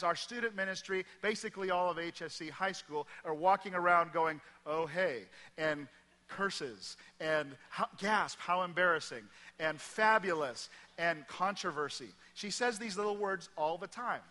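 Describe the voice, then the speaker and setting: A middle-aged Midwest American pastor preaching from the stage, his voice high and ringing. He hammers his points through repetition, then drops suddenly to a hushed tone. The sound carries a long reverb from the big church hall. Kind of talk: sermon.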